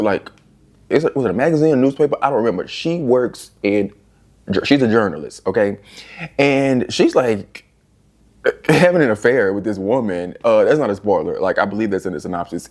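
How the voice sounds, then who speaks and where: A young man reviewing books in a casual vlog, animated and exasperated, swearing freely as he rants. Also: mid-range voice. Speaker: book reviewer.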